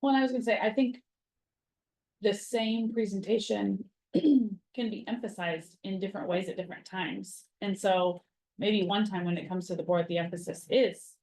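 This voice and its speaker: A woman's voice: mid-range voice, steady tone, moderate pace, a little mellow, low-quality recording. A woman who is a school board committee member, talking through ideas in a casual meeting discussion. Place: meeting room.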